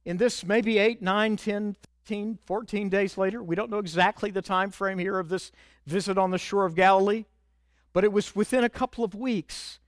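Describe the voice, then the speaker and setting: A man preaching a sermon as pastor, slowing down and lifting his voice to stress key words. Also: high-pitched, no room sound. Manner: expressive preaching, slowing and rising for emphasis.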